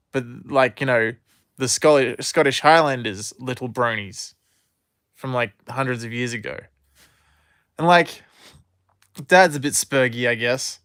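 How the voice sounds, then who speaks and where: A man's voice: mid-range voice, steady tone, slow pace, long pauses, fairly bright tone, clean tone, dry recording, studio quality. A man in his thirties talking in a rambling, profane solo monologue full of fillers and restarts. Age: 30s.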